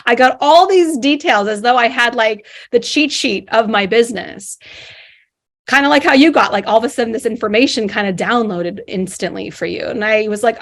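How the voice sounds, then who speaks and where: A woman guest on a podcast telling her own story in casual conversation, lively and acting out the voices in her head. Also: a little high, normal speed. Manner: animated, acts out her inner voices.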